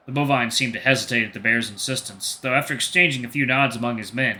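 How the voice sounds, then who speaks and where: This gaming channel host reads out a story game's narration steadily, tossing in offhand reactions along the way. His voice sits in the mid range, and he talks quickly with few pauses.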